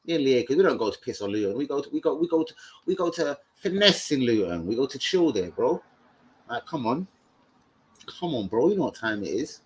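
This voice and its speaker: A man's voice: medium pitch, very animated, a little fast, a little hiss or hum. A man hosting a casual livestream, brash and joking, full of slang and swearing. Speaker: livestream host. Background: beat music playing.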